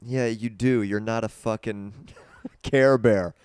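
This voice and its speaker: A man's voice: fairly low pitch, fairly even intonation, slow, darkish tone, clean tone, no echo. A man hosting a live call-in stream, teasing a caller with dry sarcasm. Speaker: livestream host taking calls.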